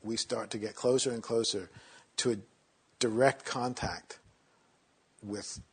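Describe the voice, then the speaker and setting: A man teaching meditation in a relaxed, conversational way, sometimes acting out inner voices in a mocking tone. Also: medium pitch, a little slow, slightly rough.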